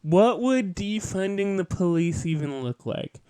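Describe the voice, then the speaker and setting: High, unhurried man lecturing on politics. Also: expressive, mellow, smooth, no echo. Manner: earnest, lecturing, with asides and self-corrections. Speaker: podcast host. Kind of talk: political commentary monologue.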